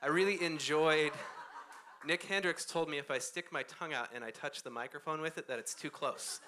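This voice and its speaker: In his thirties, a pastor preaches a casual, conversational sermon from a church stage, close on a handheld or stand microphone. His voice sits a little high, brisk and sharp-toned, and he's self-deprecating, often laughing mid-sentence. There's slight background noise.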